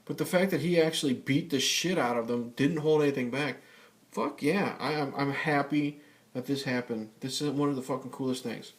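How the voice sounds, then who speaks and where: A man's voice: mid-range voice, normal speed. Profane rambling male vlogger. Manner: profane, rambling with many fillers and restarts. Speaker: YouTube vlogger. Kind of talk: casual ranting vlog.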